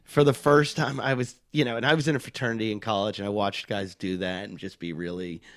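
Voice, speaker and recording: A man's voice: lowish voice, fast, no room sound, studio quality. A middle-aged man telling a story on a casual podcast, acting out the voices in it and laughing often. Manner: animated, acts out quotes, laughs often. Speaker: comedian guest.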